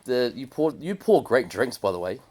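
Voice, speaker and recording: Kiwi male co-host, mid-pitched, rambly, sweary, relaxed banter. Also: normal speed, noisy background. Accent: New Zealand. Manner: rambling, swears often, many restarts. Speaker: podcast co-host. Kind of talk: casual chat.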